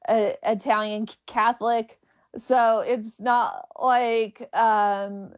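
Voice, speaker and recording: A woman's voice: fairly high pitch, level tone, takes it slowly. A woman comedian talking candidly in an interview, stuttering often on first sounds and laughing as she tells stories. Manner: laughs while telling stories. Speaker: comedian guest.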